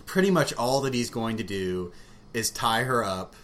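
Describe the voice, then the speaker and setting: A man in casual, frank conversation about a book, rambling with fillers and quick laughs. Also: mid-range voice, expressive, a bit bright. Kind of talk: casual chat about books. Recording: faint background noise.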